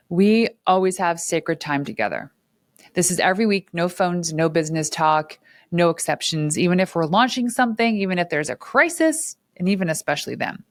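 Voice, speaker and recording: Candid businesswoman, low dry voice. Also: no room sound. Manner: candid and animated, acts out quoted dialogue with laughs. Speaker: entrepreneur and channel host. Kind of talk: casual talk to camera. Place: her studio.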